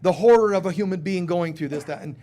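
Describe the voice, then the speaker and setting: A man giving a live sermon in a casual, humorous way, who acts out little voices and drops to soft, quiet tones on serious points. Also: sits high, fast talker. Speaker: spiritual teacher.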